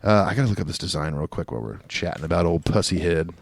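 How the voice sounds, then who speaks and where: A man co-hosting a podcast, chatting in a relaxed way with many fillers. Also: sits low, racing, creaky, no echo. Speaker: podcast co-host. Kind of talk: casual chat.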